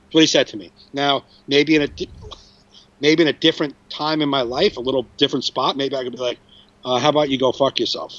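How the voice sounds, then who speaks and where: Comedian host, 40s, loose storyteller, swears freely; muffled, dry recording. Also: male voice, medium pitch, flat delivery, brisk, a bit bright, dry recording. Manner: rambling, frequent restarts and swearing. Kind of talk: casual storytelling chat.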